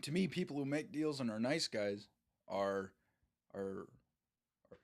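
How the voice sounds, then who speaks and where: A young man co-hosting a casual podcast chat, rambling and stammering, often breaking into laughter and loud mock outbursts. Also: medium pitch, animated, measured pace, vocal fry. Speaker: podcast co-host.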